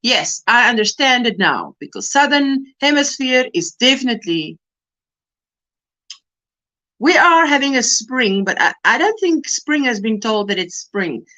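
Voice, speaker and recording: Speaking at a measured pace, a South African livestream host reads weather reports and viewer comments out loud and welcomes people by name. Her slightly high voice has a sharp tone and swings widely in pitch.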